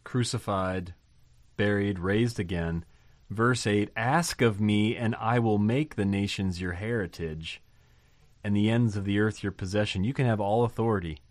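A man's voice: on the low side, measured pace, no room sound. A man preaching a sermon, emphatic and full of rhetorical questions, with sudden rising bursts. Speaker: pastor.

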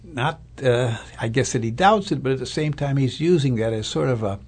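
Man, pastor, sermon, husky, conversational, thoughtful, mid-pitched. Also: expressive, brisk, a little mellow. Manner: conversational, thoughtful with fillers and restarts. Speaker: Lutheran pastor or Bible teacher.

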